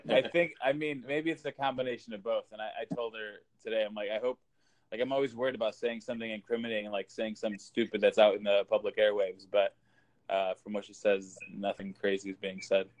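Fast-talking man in podcast chat. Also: on the low side, fairly even intonation, low-quality recording. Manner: quick, chatty, playful. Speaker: podcast co-host. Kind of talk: casual chat.

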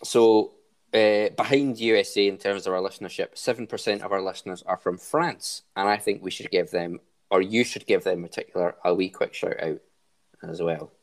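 A man with a slightly low voice hosts a laid-back podcast chat. He runs the quiz with upbeat energy. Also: steady tone, brisk. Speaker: podcast host. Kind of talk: casual chat.

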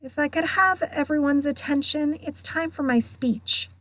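A woman's voice: high-pitched, fairly even intonation, measured pace, a bit bright, pitched above the performer's own voice. A woman reading aloud, voicing a stiff, bitter, dignified male ghost with formal speech.

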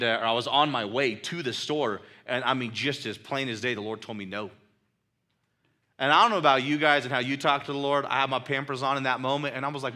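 A male pastor preaching a sermon in a loose, conversational storytelling way, full of fillers and "like," acting out his own angry shouts. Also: mid-range voice.

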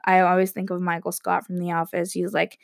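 A woman's voice: on the low side, monotone, a little fast, creaky, dry recording, studio quality. Rambling, chatty young woman. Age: young adult. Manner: rambling, chatty, heavy use of "like", frequent laughs and self-interruptions. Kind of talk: casual monologue to camera.

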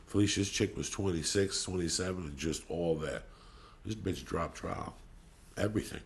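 Deep gravelly man, blunt and profane. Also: moderate pace. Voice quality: gravelly, raspy. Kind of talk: casual podcast chat.

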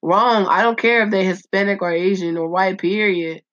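A woman hosting a casual solo podcast, reading out listener answers in a blunt, profane, animated way and laughing often. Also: medium pitch, normal speed, no echo. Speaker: podcast host. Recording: dull lo-fi voice recording.

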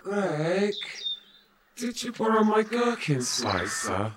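A man's voice: on the high side, very animated, slow, background noise. A man playing a feverish, delirious crew member who rambles nonsense in an amateur audio drama. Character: delirious, confused sick male crew member.

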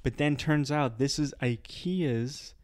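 A man's voice: medium pitch, takes it slowly. A man in a casual chat, playfully telling a made-up story, laughing, with frequent restarts.

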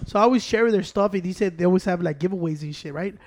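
Dude, talks real fast, animated, cussing and switching languages. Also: high voice. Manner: animated, mixes Spanish into English, heavy swearing. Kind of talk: casual storytelling chat. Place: Chicago.

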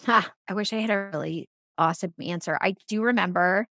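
A woman in her thirties, a podcast guest, telling a personal story in an earnest, animated way and often saying "like". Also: mid-range voice, brisk, no room sound. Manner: earnest and animated, frequent "like" fillers. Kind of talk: candid conversational storytelling.

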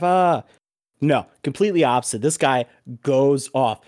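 A man hosting a podcast, telling a story in a casual, animated way with plenty of swearing. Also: medium pitch, moderate pace, smooth, no room sound, clean studio sound. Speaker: podcast host. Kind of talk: casual chat.

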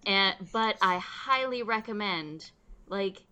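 A woman's voice: medium pitch, animated, slow pace, sharp tone, clear, resonant tone. A woman co-hosting a podcast, giving frank advice in casual chat. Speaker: podcast co-host.

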